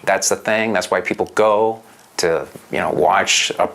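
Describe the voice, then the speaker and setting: A man's voice: deep voice, a little slow, creaky, fairly bright tone. A man who is a stand-up comic, talking emphatically in an interview about his trade. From Canada. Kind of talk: interview talk.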